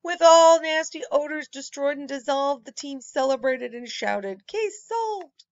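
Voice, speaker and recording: A woman reading a rhyming children's picture book aloud with an expressive, rhythmic delivery. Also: high-pitched, unhurried, dry recording, muffled recording. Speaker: storyteller.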